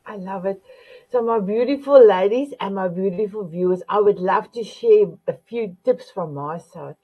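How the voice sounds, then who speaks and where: A woman's voice: medium pitch, moderate pace, slightly rough. A woman hosting a motivational talk show, who keeps calling her viewers her beautiful ones. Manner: warm, affectionate address, repeats "my beautiful ones". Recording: dull lo-fi sound.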